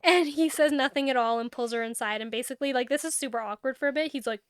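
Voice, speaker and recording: A young adult woman co-hosting a book podcast, retelling a novel's plot in casual chat and acting out the characters' lines in quick quotes. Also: high-pitched, clear, resonant tone, no room sound, studio quality. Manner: animated storyteller, acts out dialogue with quick quotes.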